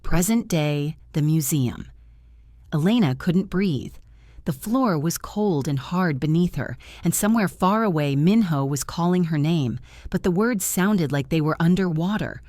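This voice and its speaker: A woman reading a dramatic romance story as narrator, in an even storytelling manner. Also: low voice, measured pace, no room sound, studio quality.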